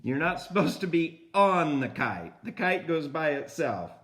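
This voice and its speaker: An older man reading a picture book aloud to a grandchild, pausing to point at the pictures and comment on them. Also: fairly high pitch, very animated, a bit bright.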